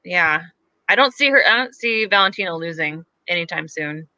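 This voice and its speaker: A woman's voice: fairly low pitch, animated, normal speed, sharp tone, no echo, lo-fi sound. A woman co-hosting a podcast, chatting casually about fights, hedging a lot and using plenty of fillers. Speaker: podcast co-host. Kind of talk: casual sports chat.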